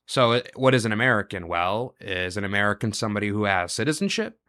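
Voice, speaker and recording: A male show host delivering a reaction monologue, asking rapid rhetorical questions and running through long lists of ideas. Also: on the low side, expressive, pushed and bright.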